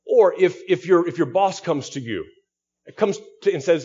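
A man's voice: on the high side, lively intonation, normal speed, warm tone, husky, muffled recording. A male pastor giving an expository sermon, teaching through a text with frequent restarts and repeated words.

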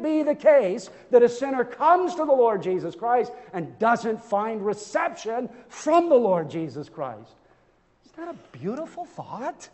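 Male pastor, high voice, fervent sermon delivery, reverberant sanctuary. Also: sing-song, unhurried, a little mellow. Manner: impassioned preaching with rhetorical questions and repetition.

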